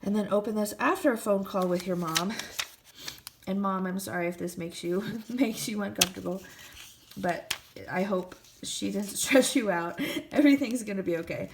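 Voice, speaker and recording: A woman's voice: mid-range voice, normal speed, noisy background. A young woman in her twenties talking to camera in a personal vlog, chatty and affectionate, laughing often and getting a little emotional. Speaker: vlogger.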